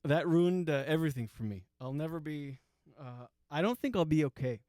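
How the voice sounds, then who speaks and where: A man in his forties telling a long story on his podcast, cursing freely and breaking into laughter along the way. His voice sits a little higher than most men's. The sound is dry and close, with no room echo. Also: animated, moderate pace, warm tone. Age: 40s. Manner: profane, laughs through his own story. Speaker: podcast host. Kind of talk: casual storytelling monologue.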